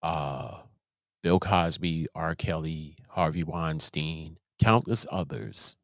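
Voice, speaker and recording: With a very deep, creaky, slightly bright voice, a host from Baltimore, USA, offers casual commentary slowly and emphatically, often repeating himself and restarting his words. The recording is studio quality with no echo.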